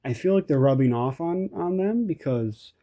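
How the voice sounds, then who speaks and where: A man's voice: a little high, lively intonation, moderate pace, lo-fi sound. A young man venting in a frustrated, rambling rant, swearing often and restarting his sentences. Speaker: vlogger. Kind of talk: ranting vent recording.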